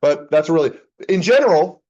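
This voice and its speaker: A man's voice: a little high, lively intonation, normal speed, warm tone, highs cut off. Conversational male professor lecturing. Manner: conversational, reads chatbot replies aloud and comments. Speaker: accounting professor. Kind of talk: classroom lecture.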